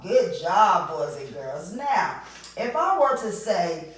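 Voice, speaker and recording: A woman's voice: on the low side, very animated, takes it slowly, very echoey, far from the mic. A woman teacher giving a recorded reading lesson to young children, with sing-song praise and call-and-response prompts.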